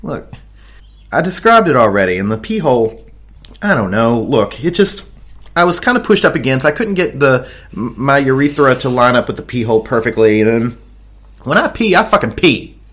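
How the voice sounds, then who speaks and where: A man's voice: mid-range voice, very animated, moderate pace, a bit bright. A man with an Australian accent co-hosting a podcast, telling a crude story in a rambling way and laughing at his own jokes. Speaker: podcast co-host. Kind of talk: casual chat. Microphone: desk microphone.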